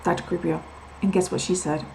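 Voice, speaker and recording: A woman with a gravelly, creaky voice confides her own story to the camera. She talks candidly, leaning on repeated words for emphasis. She wanders onto side tangents before pulling back to the point. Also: lowish voice, fairly even intonation, fairly quick, warm tone, slight background noise, low-quality recording. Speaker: vlogger sharing her medical experience. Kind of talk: personal storytelling vlog.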